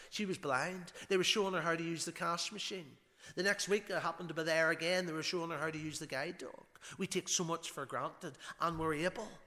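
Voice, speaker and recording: A man's voice: fairly high pitch, bright, forceful tone, long reverb tail. A man with a Northern Irish accent preaching an informal sermon, telling chatty stories with folksy asides in a church. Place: church hall.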